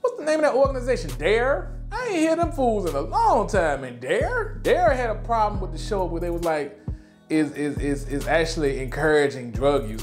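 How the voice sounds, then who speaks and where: A man talking casually and excitedly as he reviews a TV show, full of slang and swearing. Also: sits high, normal speed, faint music behind.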